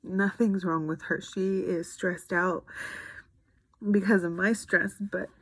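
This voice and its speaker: A woman's voice: fairly low pitch, fairly even intonation, slow, no room sound. A young woman giving an earnest, frustrated personal video update to her followers. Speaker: vlogger.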